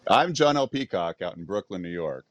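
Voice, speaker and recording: A man's voice: sits low, very animated, normal speed, loud music behind the voice. A man co-hosting a casual comedy podcast in a laid-back, playful way. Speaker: podcast co-host.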